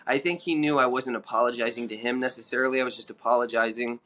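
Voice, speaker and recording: A man guest telling his own story in an earnest, halting way, with many fillers and restarts. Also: mid-range voice, fairly even intonation, pushed and bright. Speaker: podcast guest.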